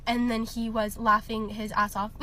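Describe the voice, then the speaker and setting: A woman's voice: on the high side, unhurried, bright, forceful tone, a little hiss or hum. A young woman telling a personal story in a casual storytime, chatty, laughing often and filling with lots of ums and likes.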